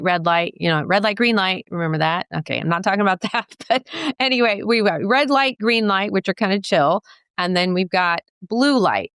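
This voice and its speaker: A woman optometrist and professor explaining eye science in a jokey, teacherly way, full of quick asides and wordplay. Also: on the low side, a bit bright, smooth, dry recording. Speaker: optometrist and professor giving a guest lecture. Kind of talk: playful explanatory talk to a host.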